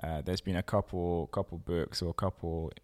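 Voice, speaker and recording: A man chatting casually on a faith podcast, relaxed and full of fillers and repeated words. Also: deep voice, normal speed. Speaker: podcast co-host. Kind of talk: casual chat.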